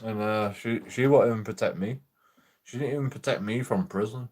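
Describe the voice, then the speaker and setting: A man's voice: on the low side, fairly quick, darkish tone. A young man chats loosely and swears freely. He rambles from one story to the next, laughing as he goes, in a casual streaming talk. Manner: sweary, rambling, laughs through his stories.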